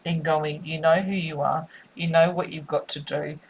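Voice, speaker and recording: A woman's voice: deep voice, fairly even intonation, normal speed, creaky, breathy edge, rough recording. A woman giving a spiritual tarot reading, musing and repetitive in a soothing way. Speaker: tarot reader.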